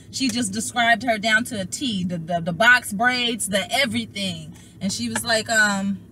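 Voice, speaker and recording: A young tarot reader casually shares a personal story with her viewers, addressing them as y'all, sounding animated and emotional. Her voice is a little high, with slight background noise.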